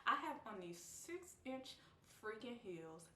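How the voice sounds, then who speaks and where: A young woman tells a storytime for her vlog, blunt and slangy, laughing often and playing out what everyone said. Her voice is bright and forceful. She sits a bit back from the mic in a roomy, echoey space. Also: a little high, slow pace, a little hiss or hum. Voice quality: animated, expressive, lively quoting of others. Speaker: vlogger. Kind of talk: casual storytime. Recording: roomy, slightly distant mic.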